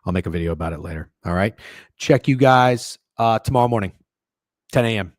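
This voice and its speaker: The man's voice is on the low side, with lively intonation and a slightly fast delivery. He hosts a sports betting livestream, joking loosely and profanely with chat, on a clean studio recording with no room sound.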